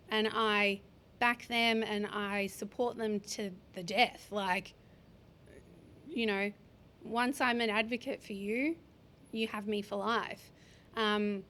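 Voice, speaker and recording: A woman in her forties, a podcast guest talking openly and with feeling in an interview, sometimes slowing down and swearing for emphasis. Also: medium pitch, a bit bright. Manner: open, heartfelt, speaks slowly in places, occasional swearing. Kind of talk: candid interview conversation.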